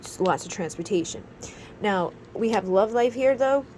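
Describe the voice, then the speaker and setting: A woman's voice: medium pitch, expressive, moderate pace, mellow, poor audio. Woman tarot reader, casual and rambling, thirties, faint hiss behind. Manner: rambling, many fillers.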